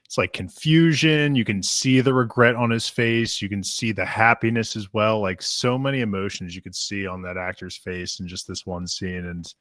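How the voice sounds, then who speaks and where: A man's voice: on the low side, steady tone, normal speed, hardly any pauses, a bit bright, no room sound, clean studio sound. A man in his thirties co-hosting a podcast, talking in a casual, rambling and emotional way about a series he loves. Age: 30s. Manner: emotional, rambling, self-deprecating. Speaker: podcast co-host. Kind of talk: casual chat.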